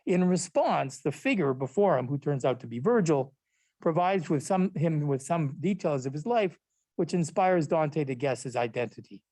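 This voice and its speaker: Mellow-voiced man giving a lecture. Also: on the high side, animated, moderate pace. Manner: reading prepared text with asides and self-corrections. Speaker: literature and law professor. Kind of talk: recorded lecture.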